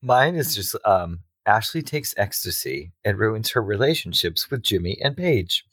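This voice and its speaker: A woman's voice: very deep voice, big pitch swings, a little slow, fairly bright tone, no echo. A woman co-hosting a casual podcast, giggling often, chatting freely and counting in the playback cues. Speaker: podcast co-host. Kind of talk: casual chat.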